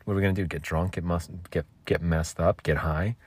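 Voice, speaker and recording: A man's voice: low voice, fairly even intonation, fairly quick, breathy edge, dry recording. A man in his thirties hosting a solo podcast, telling a rambling, self-mocking story with casual swearing. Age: 30s. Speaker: podcast host.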